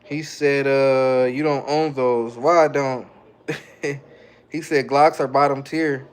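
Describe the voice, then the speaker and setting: A man streaming live and answering his viewers' chat in a relaxed, slangy way, often breaking into chuckles. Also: medium pitch, slow pace, clean tone. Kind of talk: casual livestream chat.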